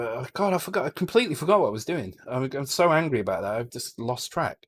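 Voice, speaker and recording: Talking fast with lively intonation and hardly a pause, a mid-range British male voice narrates his retro game coding on a live stream at home. He's blunt, swears a lot, and often cuts himself off to begin again.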